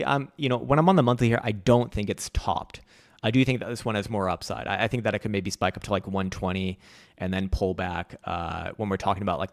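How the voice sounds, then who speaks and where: A man's voice: lowish voice, no room sound, clean studio sound. A man giving casual, rambling chart commentary on a livestream, loose and profane, full of fillers. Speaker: market analysis streamer.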